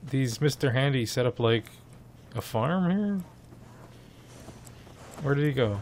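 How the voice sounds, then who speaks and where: A man's voice: mid-range voice, expressive, slow, darkish tone, a little hiss or hum. A young man giving chatty, casual gameplay commentary and swearing freely. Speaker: let's play host.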